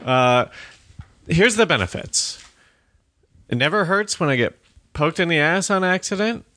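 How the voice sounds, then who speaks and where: Deadpan guy on a podcast, bright forceful voice, super dry close mic. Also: on the high side, a little slow, no echo. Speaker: podcast guest. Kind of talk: comedic podcast banter.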